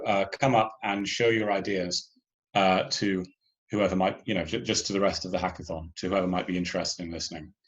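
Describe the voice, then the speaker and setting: Deep-voiced man briefing hackathon teams. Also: highs cut off. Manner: loose, filler-heavy explaining with restarts. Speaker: hackathon organizer. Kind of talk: online workshop briefing.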